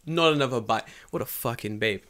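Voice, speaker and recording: A man's voice: mid-range voice, fairly quick. A man from England, co-hosting a casual podcast chat and telling stories with lots of swearing. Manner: swears a lot, animated storytelling with put-on quoted voices. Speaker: podcast co-host.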